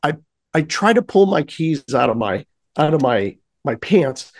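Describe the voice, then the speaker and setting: A man with a gravelly, creaky voice tells a story in a casual chat. His pitch swings widely as he acts out the scenes with sound effects, and he often stops and restarts his sentences. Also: big pitch swings, a little slow.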